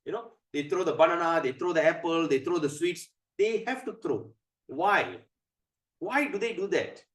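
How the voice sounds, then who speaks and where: Animated male temple storyteller. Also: fairly high pitch, normal speed, roomy sound. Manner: animated, questions the audience. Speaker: temple speaker. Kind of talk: storytelling sermon.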